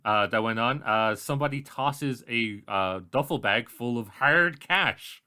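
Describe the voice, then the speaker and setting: A man's voice: medium pitch, measured pace, bright, forceful tone, clean tone. A man with an Irish accent co-hosting a podcast, talking bluntly and animatedly in casual chat, with plenty of swearing. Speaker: podcast co-host.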